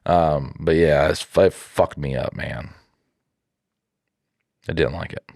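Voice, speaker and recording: A man in his thirties co-hosting a podcast, telling stories in a casual, profane, animated way. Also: very deep voice, slow pace, dry recording, studio quality. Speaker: podcast co-host.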